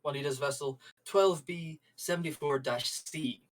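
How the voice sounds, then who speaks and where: A smooth, oily starship manager in a tabletop game, polite on the surface and quietly menacing underneath, as the game master puts him on. He lingers over each word in a middling voice. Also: medium pitch, lightly acted, poor audio. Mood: smug. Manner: courteous, drawn-out, faintly menacing. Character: smug polite male corporate manager on a starship screen.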